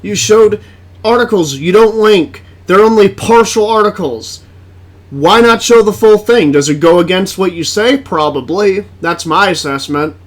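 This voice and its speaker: A man's voice: high-pitched, measured pace. A man giving casual reaction commentary on a video, blunt and profane, exasperated and laughing often.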